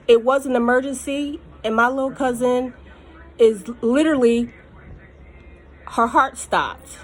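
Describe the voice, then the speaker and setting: A woman's voice: high-pitched, unhurried, pauses often. Furious woman vlogger near tears. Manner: furious, emphatic, repeating herself. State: close to tears. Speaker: mukbang vlogger. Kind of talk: angry personal vlog rant.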